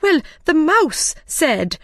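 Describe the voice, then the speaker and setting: A jittery storybook hatter, raised in pitch and pleading, fretting with every answer. A woman reads him out close up in a dry room. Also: animated, slow, no room sound. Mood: afraid. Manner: anxious, pleading. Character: nervous male hatter, frightened and pleading.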